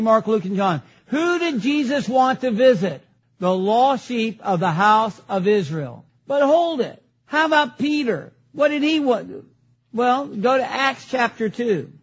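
A man's voice: very high voice, husky, lo-fi sound. A man preaching a sermon from a pulpit, emphatic, firing questions at the congregation and answering them himself. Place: church sanctuary at a pulpit.

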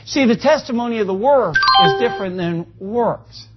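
A man's voice: high voice, normal speed, hardly any pauses, dull audio, over loud music. A man preaching a sermon, folksy and joking, asking the congregation for amens. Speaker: pastor. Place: church.

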